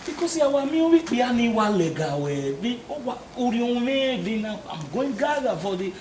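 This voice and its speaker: A man's voice: extremely high pitch, big pitch swings, moderate pace, darkish tone, reverberant, far from the mic, slight background noise, poor audio. An actor with a Nigerian Pidgin accent playing a lovestruck male neighbor who rambles and pleads desperately. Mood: pleading. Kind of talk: comedy film acting. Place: outdoor residential compound.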